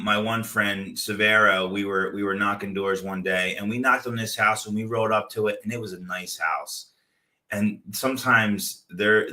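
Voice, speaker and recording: A man hosting a real estate investing show, giving a loose, animated motivational talk full of stories and "like". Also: on the low side. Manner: loose, animated storytelling with frequent "like". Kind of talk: casual motivational talk with anecdotes. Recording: echoey room, distant from the mic.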